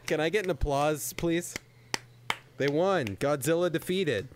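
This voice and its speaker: A man's voice: on the high side, slow pace, background noise. A man hosting a podcast, ranting and swearing in exasperation as he reacts to a movie into a desk microphone. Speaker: podcast host. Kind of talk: profane movie-reaction rant.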